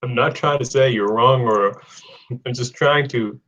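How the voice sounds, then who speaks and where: A man's voice: medium pitch, unhurried, a bit bright, highs cut off. A young man teaching English idioms in a live online lesson, reading out viewers' comments and joking with them in a chatty way. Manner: chatty, reads viewer comments aloud, jokes.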